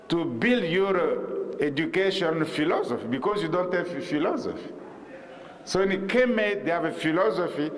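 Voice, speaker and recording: Slow, halting man lecturing in a hall. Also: fairly high pitch. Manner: halting, repetitive, with many pauses and rhetorical questions. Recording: reverberant hall, faint noise.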